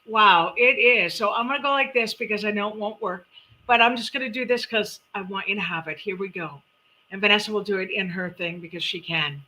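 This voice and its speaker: A middle-aged woman hosts a live-stream in an animated, chatty way. Her voice is very bright and clear, and she talks with upbeat energy. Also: medium pitch, fairly quick, rough recording. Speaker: numerologist host. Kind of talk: live-stream chat and readings.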